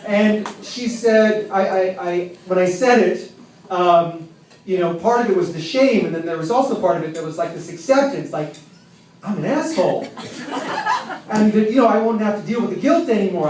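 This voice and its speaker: A man telling a personal story live at an open mic in a tavern, with a wry, self-mocking, halting delivery. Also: sits high, lively intonation, a little mellow. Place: tavern with an audience. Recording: roomy, distant, faint background noise.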